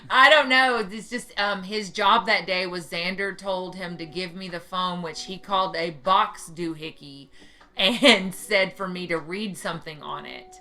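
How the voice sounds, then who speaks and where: A woman on a live stream asking curious, quick follow-up questions in a casual chat. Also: on the low side, pushed and bright.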